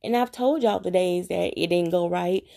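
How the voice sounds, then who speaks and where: A woman's voice: lowish voice, moderate pace, vocal fry, mellow. A woman speaking earnestly and preachily, straight to her viewers in a confessional devotional talk about her faith. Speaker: Christian vlogger sharing her faith journey.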